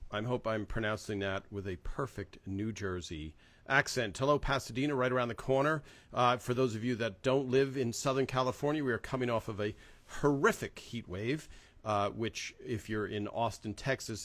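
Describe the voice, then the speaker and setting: A man's voice: mid-range voice, a bit bright. A man hosting a casual fan livestream, chatting loosely with many fillers and greeting viewers by name. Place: home in Southern California.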